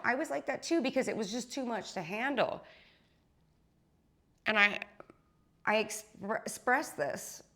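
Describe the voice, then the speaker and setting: A woman spiritual teacher giving an intense, blunt monologue to her followers, swearing freely and often tagging her points with a question. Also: medium pitch.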